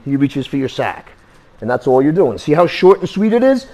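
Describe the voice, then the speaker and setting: Blunt, animated man teaching self-defense. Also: fairly high pitch, moderate pace. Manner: blunt, joking, swears casually; animated, sound effects while demonstrating. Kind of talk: hands-on class instruction.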